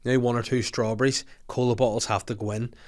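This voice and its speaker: This podcast host is a young man with a Northern Irish accent and a medium-pitched, somewhat mellow voice that barely moves in pitch and runs a little fast. His casual comedy chat is rambling and jokey, sprinkled with crude remarks.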